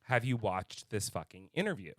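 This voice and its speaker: A man's voice: on the low side, big pitch swings, normal speed, no room sound, studio quality. A man co-hosting a podcast in casual chat, telling a story with heated anger and frequent swearing. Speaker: podcast co-host.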